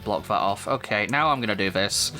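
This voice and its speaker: A man's voice: lowish voice, brisk, pushed and bright, soft background music. A man with a Manchester accent casually commenting on a video game he plays, chatty and laughing often, at a desk microphone. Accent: Mancunian. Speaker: let's play host.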